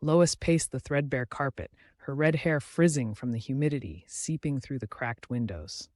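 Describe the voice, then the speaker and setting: A man giving scripted narration of a comic cartoon story in a wry, deadpan manner. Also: medium pitch, normal speed, dry recording.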